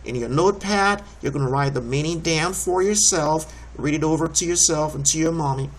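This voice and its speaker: A man's voice: on the high side, brisk. A man teaching a recorded homeschool lesson, explaining each step patiently and encouragingly.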